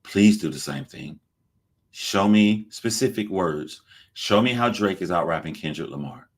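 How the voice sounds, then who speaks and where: Man, very deep voice, sarcastic, profane, heated debate host. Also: animated, a little slow.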